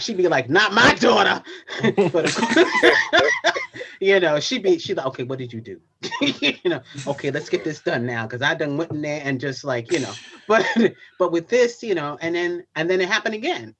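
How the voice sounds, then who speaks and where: A woman hosting a casual video-call chat, telling a story with lively laughter and acted-out quotes. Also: low-pitched, slightly rough, lo-fi sound. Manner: animated storyteller, laughs often, acts out quotes. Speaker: host.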